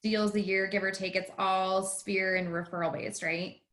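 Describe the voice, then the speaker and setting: A woman's voice: mid-range voice, level tone, moderate pace, fairly bright tone. Woman co-host asking direct questions. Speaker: podcast co-host. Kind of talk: interview questions.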